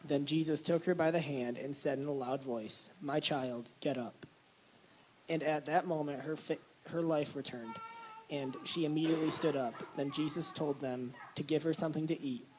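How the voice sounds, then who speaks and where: A man reading a scripture passage aloud in a steady, plain manner, now and then restarting a phrase. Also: fairly high pitch, normal speed, slight background noise, low-quality recording.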